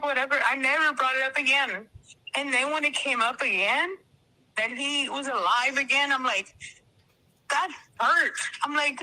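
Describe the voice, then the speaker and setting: Texan lady caller, high bright voice, cusses a lot, gets worked up. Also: normal speed, rough recording. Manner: swearing, repeats herself. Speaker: caller on a live stream. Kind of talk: emotional casual storytelling.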